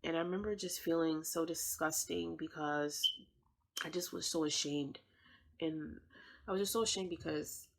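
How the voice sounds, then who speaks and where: Earnest low-voiced young woman testifying. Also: fairly even intonation, normal speed, creaky, rough recording. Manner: earnest, heartfelt, repeats phrases for emphasis. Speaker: vlogger sharing her testimony. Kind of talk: personal faith testimony.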